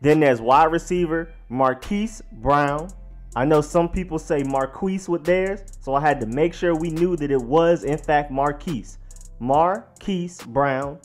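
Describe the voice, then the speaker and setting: A man hosting a sports vlog, casually explaining how to pronounce names, slowly spelling out each one and repeating it. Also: on the high side, faint music behind. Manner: slowly sounds out each name, then repeats it. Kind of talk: pronunciation guide, casual explainer.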